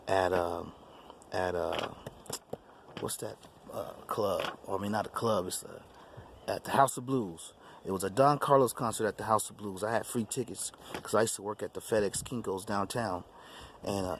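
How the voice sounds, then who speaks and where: A man's voice: lowish voice, normal speed, slight background noise. A man hosting his own channel, telling a personal testimony story in an emphatic, repetitive way. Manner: repetitive, emphatic, restarts phrases. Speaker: YouTube channel host.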